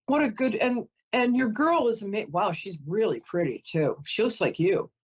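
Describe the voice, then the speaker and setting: A woman's voice: medium pitch, lively intonation, moderate pace, breathy edge, dull audio. A woman giving a live call-in psychic reading, chatty and emotional, often breaking off to apologize. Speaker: psychic reader.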